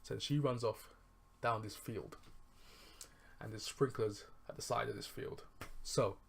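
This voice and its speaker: A man's voice: on the low side, a little slow, gravelly, a little hiss or hum. A man casually retelling a film's plot as a reviewer, rambling, chuckling and correcting himself as he goes. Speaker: movie reviewer.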